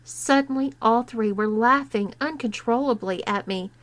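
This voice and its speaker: A woman narrating a written story in a slow, deliberate reading. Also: fairly high pitch, a bit bright. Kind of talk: scripted narration of an erotic story.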